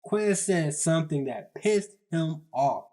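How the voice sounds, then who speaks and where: Young male storyteller, slightly raised pitch, casual slangy self-deprecating comic narration. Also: lively intonation, slow pace, warm tone.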